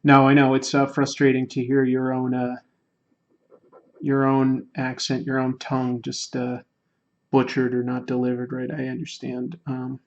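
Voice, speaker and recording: A man's voice: mid-range voice, monotone, measured pace. An American man chatting on a livestream while he draws, joking and mocking himself, rambling with restarts. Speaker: streamer drawing while chatting. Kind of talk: casual livestream chat. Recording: dull lo-fi stream audio.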